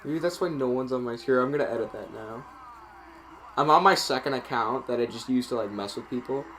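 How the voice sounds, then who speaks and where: A man giving live play-by-play reaction commentary on a hockey game, excitable and getting loud on penalties, with chatty asides between plays. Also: medium pitch, a little fast, a little hiss or hum. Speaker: streamer calling the game.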